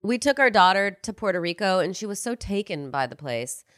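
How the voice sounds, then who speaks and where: A woman's voice: mid-range voice, very animated, fairly quick, a bit bright, no room sound, studio quality. A woman co-hosting a podcast, chatting casually and gushing with enthusiasm. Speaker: podcast co-host. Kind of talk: casual comedic chat.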